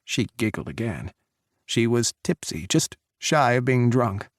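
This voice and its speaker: A man narrating an audiobook in measured, dramatic storytelling. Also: medium pitch, sing-song, no echo, studio quality. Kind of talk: scripted narration.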